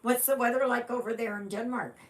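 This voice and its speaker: With a fairly high pitch and a steady tone, a Canadian woman chats casually during her stitching livestream. She takes her time, rambles with fillers, and welcomes viewers by reading out their comments.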